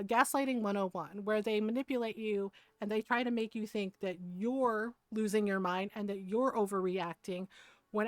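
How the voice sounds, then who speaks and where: A woman streamer in casual chat over her game, telling a story with easy laughs and plenty of swearing. Her voice sits at a middling pitch and is recorded close and dry, with no room sound around it. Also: no room sound. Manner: chatty storytelling, laughs often, swears freely.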